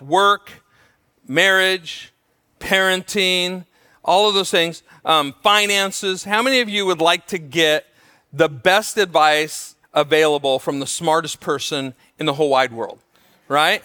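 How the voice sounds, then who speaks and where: This male preacher's sermon is full of animated tales in which he performs the voices of those he quotes. His voice is high, and the sound has the space of a large hall.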